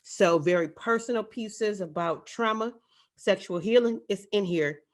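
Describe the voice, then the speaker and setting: A woman's voice: mid-range voice, measured pace. A woman, a spoken word poet, leading an online event. She talks to her audience in an emphatic, rhythmic way and repeats phrases for effect. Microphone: video call.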